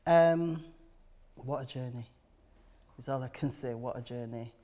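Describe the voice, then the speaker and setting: A woman's voice: extremely low pitch, a little slow, mellow. Reflective woman, emphatic. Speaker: charity chair and guest. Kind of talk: podcast conversation.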